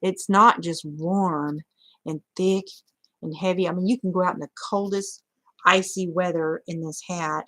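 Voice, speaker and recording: A woman's voice: fairly low pitch, steady tone, a little slow, fairly bright tone, rough recording. A woman vlogging a crochet tutorial in a casual, rambling way, talking to her viewers as she hunts for her supplies. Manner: chatty, scattered, talks to viewers while searching.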